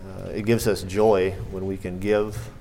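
A man giving a children's lesson at church and reading a story aloud, hesitant with many ums and restarts, often clearing his throat. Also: low-pitched, flat delivery, measured pace, mellow, slight background noise.

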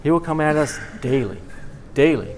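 A man preaching a sermon in a halting way, repeating words and then swelling with emphasis. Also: a little high, darkish tone, slight background noise.

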